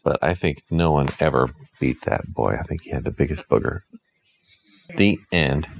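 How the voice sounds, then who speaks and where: A man improvising a silly bedtime story for a child, playful with a deadpan touch. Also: a bass voice, normal speed, gravelly, a little hiss or hum, rough recording.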